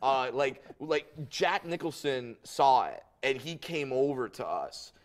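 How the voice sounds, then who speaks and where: A man in a TV studio, chatting as a comedian guest. He tells his stories in an animated way, often leaping into high, excited voices when he quotes people. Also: takes it slowly. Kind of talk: casual interview storytelling. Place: local TV news studio.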